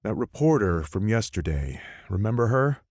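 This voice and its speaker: A man's voice: fairly low pitch, sing-song, normal speed, darkish tone, no room sound, studio quality, voice pushed up. A man voicing a determined, blunt male team leader in an audiobook, firm and clipped.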